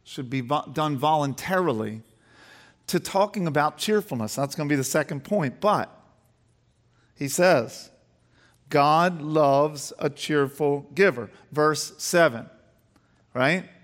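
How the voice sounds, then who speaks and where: Male pastor, high voice, sermon in a reverberant sanctuary. Emphatic, questions the congregation, restarts phrases. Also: animated, takes it slowly, pauses often. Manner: emphatic preaching that rises in pitch and volume as he builds. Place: church sanctuary with long reverb.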